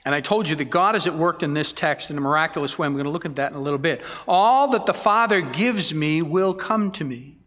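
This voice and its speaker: A pastor delivers an expository sermon with earnest emphasis, reading verses aloud and lingering on key words. His voice is somewhat high for a man, a bit bright, a little fast with few pauses, and it rings with long reverb through a church sanctuary.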